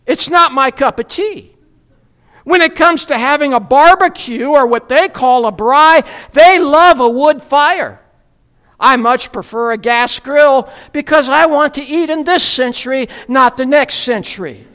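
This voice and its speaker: A preacher from the United States delivers a sermon in a high, light voice. The pace is slow and deliberate, with wry humor that gives way to earnest teaching. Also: fairly bright tone.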